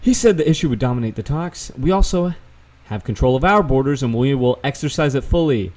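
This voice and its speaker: A man's voice: medium pitch, darkish tone. A man doing casual, sarcastic commentary, reading news articles aloud and adding profane asides. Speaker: vlogger fact-checking news. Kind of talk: casual screen-share commentary.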